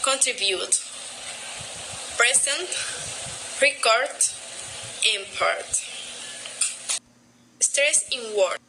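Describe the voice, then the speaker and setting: A young woman, a student, reading a class presentation aloud carefully and deliberately, pausing between example words. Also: on the high side. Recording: steady background noise.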